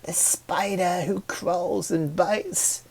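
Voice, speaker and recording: A man's voice: high voice, fairly even intonation, extremely slow, creaky, pitched above the performer's own voice, exaggerated voice. A man reading a storybook and voicing an overdramatic rose flower with a swooning, theatrical delivery.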